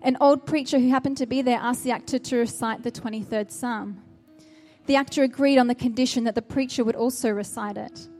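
A woman's voice: a little high, steady tone, brisk, a little mellow, faint music behind. A woman preaching a sermon, earnest and exhorting, with a run of searching rhetorical questions.

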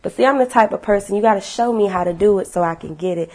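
A woman sharing her life story with viewers in a casual, animated testimony, blunt and swearing freely. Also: medium pitch, fast talker.

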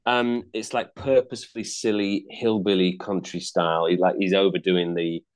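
A man with a slightly low voice talks through an album track by track in casual podcast chat. He wanders, hedges and restarts his sentences, filling gaps with ums and likes. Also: fairly even intonation, normal speed, clean tone. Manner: chatty, hesitant, many fillers and restarts. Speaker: podcast co-host reviewing an album.

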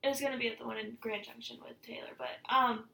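A woman's voice: on the high side, fairly even intonation, fast talker, creaky, bright, forceful tone, poor audio. A young adult woman guest on a podcast, chatting in a laid-back, offhand way. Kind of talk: casual podcast chat.

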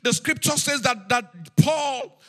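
A man with a foreign accent preaching a sermon in a sing-song cadence, repeating phrases and rising to shouted peaks. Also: very high voice, animated, slow pace, faint music behind. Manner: foreign accent of his own.

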